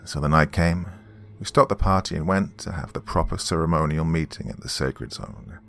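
A man narrating a horror story in a measured, dramatic way, with a gravelly voice. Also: extremely low pitch, expressive, fairly bright tone, soft background music.

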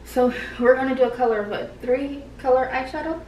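A young adult woman co-hosting a casual chat, animated and questioning, recorded from a distance in an echoey room. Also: high-pitched, brisk, dull audio. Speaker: co-host. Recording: echoey room, mic far off, noisy.

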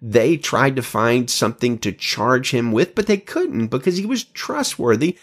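A man teaching a Bible passage in an earnest, animated way, with a brief joke. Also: mid-range voice, unhurried. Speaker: pastor.

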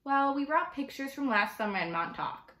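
A woman's voice: sits high, animated, moderate pace, sharp tone, echoey room, voice pushed up. A woman reading aloud as a protective, easygoing father in a children's novel. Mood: calm.

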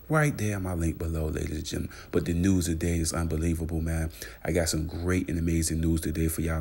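A man hosting a casual celebrity news vlog, repeating fillers and shout-outs and hyping his viewers. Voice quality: gravelly low voice. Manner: repetitive hype with constant fillers and shout-outs. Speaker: channel host.

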